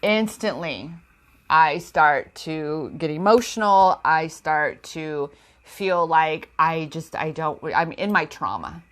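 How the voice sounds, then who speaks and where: A woman's voice: low voice, slow, a bit bright. A woman talking in a personal vlog, emotional and confiding, using spiritual self-help language and calling her viewers goddess. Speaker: empowerment coach.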